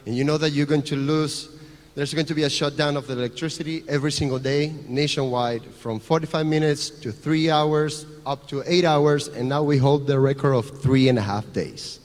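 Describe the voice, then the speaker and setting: A man's voice: on the high side, fairly even intonation, normal speed. Man, Venezuelan Spanish accent, non-native English, earnest conference talk, long hall reverb. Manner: earnest, repetitive, restarts phrases while explaining. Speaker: conference speaker.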